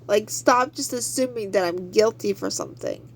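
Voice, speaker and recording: A woman's voice: fairly high pitch, lively intonation, measured pace, hardly any pauses. A woman hosting a casual Bible study, talking in a conversational way and building to fervent, preachy exhortation. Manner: conversational with fillers.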